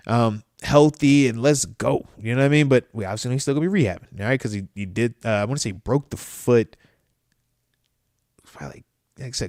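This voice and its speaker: A man's voice: mid-range voice, dry recording. A man in his thirties hosting a casual live-streamed football talk show, loose and slangy, dropping "man" into nearly every sentence, close to the microphone. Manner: animated, with playful asides. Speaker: host of a football talk livestream. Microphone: close microphone that picks up breaths.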